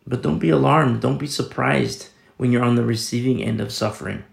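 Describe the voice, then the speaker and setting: A man's voice: mid-range voice, fairly even intonation, brisk, gravelly, reverberant. A man pastor giving a conversational Bible teaching sermon, rambling with many restarts and sudden emphatic rises.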